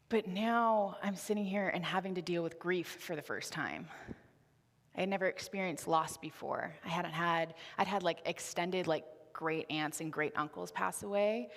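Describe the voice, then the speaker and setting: A woman in her twenties giving a candid, conversational sermon with a personal story in a church. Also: fairly low pitch. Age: 20s. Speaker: preacher. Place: church sanctuary. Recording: reverberant church hall.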